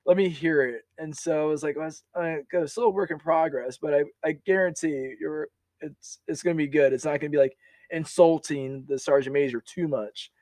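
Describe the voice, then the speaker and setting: A young man, an army veteran, telling stories as a podcast guest in a lively, casual way, laughing often and restarting sentences. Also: fairly high pitch, brisk, no echo. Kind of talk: casual storytelling.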